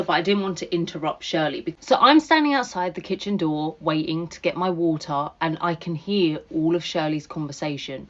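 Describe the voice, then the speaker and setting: A young woman tells a personal story straight to camera, earnest and confiding. Her voice sits a touch low for a woman, and she talks in an easy, conversational way. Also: lo-fi sound. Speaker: storyteller recounting foster care.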